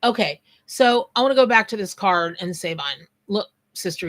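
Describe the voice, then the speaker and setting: A woman's voice: medium pitch, lively intonation, moderate pace, hardly any pauses, a bit bright. A woman hosting a live tarot reading, talking bluntly and casually while greeting viewers by name. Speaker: tarot reader and psychic.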